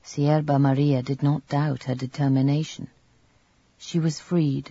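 A man reading a novel aloud in measured, even scripted narration. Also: on the high side, husky, dry recording. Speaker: audiobook narrator. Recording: dull lo-fi recording.

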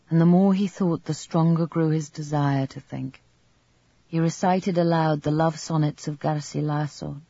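A man reading a novel aloud in measured, even scripted narration. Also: a little high, vocal fry, breathy edge, no echo. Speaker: audiobook narrator. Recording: dull lo-fi recording.

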